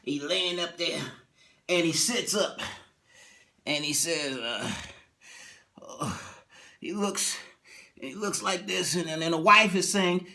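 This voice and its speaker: A man casually retelling a TV episode, animated, acting out scenes and laughing. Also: fairly high pitch, slow pace, pauses often.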